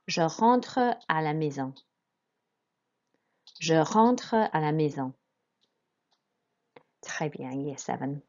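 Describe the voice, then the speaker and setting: A woman teaching a school French lesson, modelling each phrase slowly and carefully for pupils to repeat. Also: on the low side, a little mellow, dull audio. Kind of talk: recorded classroom lesson.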